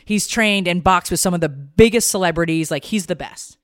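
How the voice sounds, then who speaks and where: A woman's voice: on the low side, fairly quick, no echo, studio quality. A woman co-hosting a podcast in casual chat, rambling and emotional, swearing freely. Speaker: podcast co-host.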